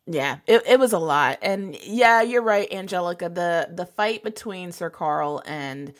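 A woman's voice: on the low side, unhurried. A woman chatting casually in a TV recap, laughing often and acting out characters' lines. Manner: animated, laughs often, quotes characters in put-on voices. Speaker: co-host.

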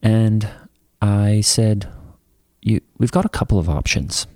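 A man plays a self-satisfied youth pastor with a low, mellow voice, spinning a rambling anecdote padded with ums, uhs and restarts. The sound is close and dry. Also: takes it slowly, dry recording. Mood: rambling, earnest. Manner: rambling storytelling with many fillers and restarts. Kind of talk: improvised comedy character.

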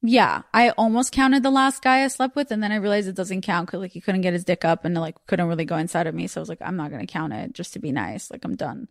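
A young woman hosting a podcast, chatting casually and telling stories with lively acted-out quotes. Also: on the low side, fast talker, few pauses, no room sound, clean studio sound. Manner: animated storyteller, acts out voices in quotes. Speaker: podcast host. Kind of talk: casual chat.

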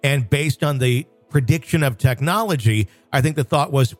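A man's voice: medium pitch, moderate pace, hardly any pauses, no echo, faint music behind. A man co-hosting a podcast in casual conversation, rambling with frequent restarts and fillers. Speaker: podcast co-host.

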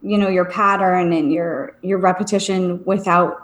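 A woman's voice: fairly low pitch, steady tone, normal speed. A woman in her thirties co-hosting a casual live chat, frank and self-mocking, laughing often. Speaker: co-host. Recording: roomy echo.

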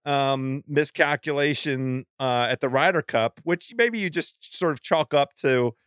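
Man, podcast co-host, casual golf chat, smooth resonant voice, laid-back, lots of fillers. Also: medium pitch, unhurried, fairly bright tone, no room sound, clean studio sound.

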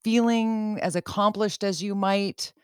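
A woman's voice: mid-range voice, steady tone, measured pace, a little mellow, clean tone, dry recording, studio quality. A woman hosting a talk radio show, chatting candidly with a guest and laughing easily. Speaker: radio host.

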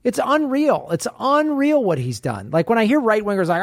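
A man with a high, lively voice cuts in with emphatic, swearing asides. The sound is dry and close to the mic, with no room around it. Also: moderate pace, hardly any pauses, no echo. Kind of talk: casual profane chat.

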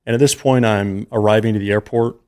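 A man's voice: lowish voice, steady tone, brisk, a little mellow. A man in his thirties, a podcast guest, telling a personal story in an earnest, emotional, conversational way.

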